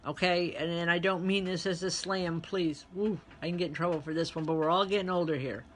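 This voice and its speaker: A woman's voice: on the low side, steady tone, brisk, a little hiss or hum. A woman reverend working as a medium, giving a live online spiritual reading and talking chattily to viewers as she relays spirit messages.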